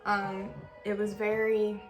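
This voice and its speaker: A woman's voice: medium pitch, slow pace, loud music behind the voice. Chatty young woman telling stories. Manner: chatty, animated storytelling with many fillers. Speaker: vlogger. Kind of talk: casual storytelling Q&A.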